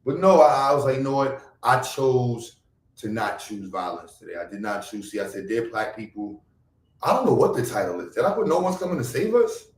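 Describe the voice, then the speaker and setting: Man, streamer, rambling chat that jumps from loud outbursts to muttering; mid pitch, a bit off mic in an echoey room. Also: big pitch swings, fairly quick, far from the mic. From Brooklyn, New York. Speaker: livestream host. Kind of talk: casual livestream chat.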